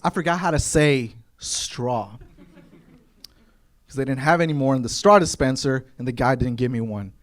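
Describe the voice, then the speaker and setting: A man from Kentucky telling stand-up stories on stage to a live audience, with an animated, punchy, conversational delivery into a handheld mic. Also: mid-range voice, moderate pace. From Kentucky, USA. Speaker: stand-up comedian. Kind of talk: stand-up comedy storytelling.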